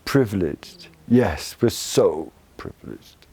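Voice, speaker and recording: Slow, expressive older man teaching. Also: low-pitched, breathy edge, dry recording. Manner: slow, expressive and effusive, teasing with the group. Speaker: spiritual teacher. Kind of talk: spiritual talk to a retreat group.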